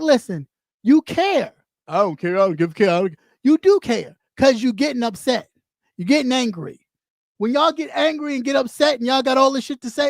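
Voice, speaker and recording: A woman's voice: high-pitched, darkish tone, no room sound, studio quality. A woman hosting a live stream, talking bluntly and profanely as she scolds her audience and repeats lines for emphasis. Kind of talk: ranting live stream commentary.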